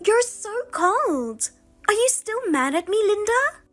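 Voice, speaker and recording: A woman's voice: high voice, big pitch swings, measured pace, soft background music. A woman voicing a scheming younger sister who mocks and taunts in a sing-song way. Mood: mocking.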